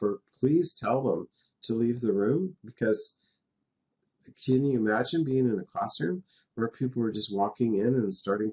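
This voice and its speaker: A middle-aged man from western Canada teaching a class, patient and chatty, laughing now and then as he explains. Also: medium pitch. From Canada, West Coast. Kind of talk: classroom lesson in a virtual world.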